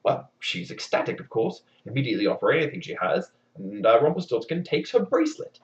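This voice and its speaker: A man's voice: mid-range voice, very animated, brisk, far from the mic. Wry, sarcastic male storyteller. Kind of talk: comic fairy tale retelling. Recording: dull lo-fi recording.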